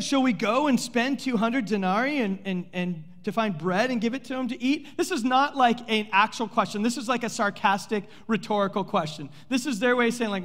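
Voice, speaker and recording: A man preaching a sermon as pastor, telling the story in an animated way and playfully acting out the characters with sarcasm. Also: extremely high pitch, brisk, hardly any pauses. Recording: long hall reverb.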